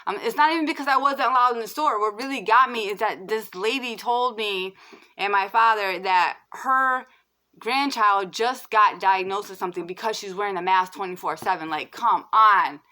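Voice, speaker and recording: A woman vlogger talks straight into the camera in an impassioned rant. Her voice is bright and edged, and she presses her points hard, repeats herself, and leans on "like" as she goes. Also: mid-range voice, moderate pace. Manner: heated and insistent, repeats herself, many fillers of "like".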